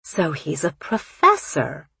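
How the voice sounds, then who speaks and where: A woman voicing a composed, calculating older mother who asks measured, probing questions, with a husky voice. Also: low voice, wildly swooping pitch, sharp tone, no room sound, exaggerated voice.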